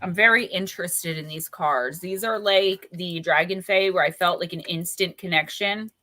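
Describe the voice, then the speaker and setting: A woman's voice: fairly low pitch, normal speed, sharp tone. A woman doing casual oracle card readings on a live stream, chatty and playful, greeting viewers by name. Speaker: livestream oracle card reader.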